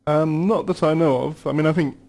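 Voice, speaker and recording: A man's voice: on the high side, steady tone, brisk, vocal fry, a little mellow. Man explaining scripture in conversation. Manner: earnest, explanatory, reads scripture aloud with some restarts. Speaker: guest Bible teacher.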